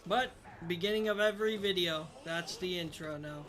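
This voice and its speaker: A man's voice: high voice, normal speed, pushed and bright, soft background music. A young man streaming a game, casually commenting to his chat, frustrated, swearing and mocking himself. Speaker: gaming streamer.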